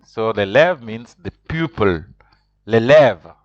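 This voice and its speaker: A man teaching a beginner language lesson, hesitant with many fillers and restarts, repeating words slowly and carefully. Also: lowish voice, lively intonation, dry recording, highs cut off. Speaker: French teacher.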